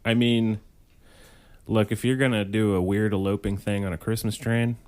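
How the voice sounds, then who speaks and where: Low-voiced man with wry asides. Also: fairly even intonation, normal speed, a little mellow, smooth. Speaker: podcast guest. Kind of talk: casual chat.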